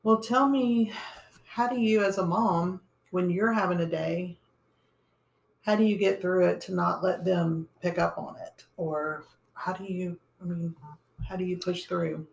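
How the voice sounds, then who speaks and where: Woman host, low gravelly voice, gentle affirming questions, echoey room. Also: steady tone, measured pace. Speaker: interviewer. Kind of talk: interview conversation.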